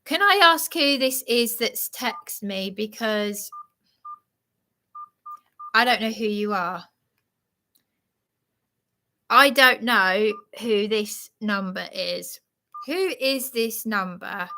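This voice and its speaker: A woman's voice: medium pitch, slow, long pauses, pushed and bright. A woman live streaming, talking in a flustered, agitated and apologetic way. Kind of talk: rambling live-stream chat.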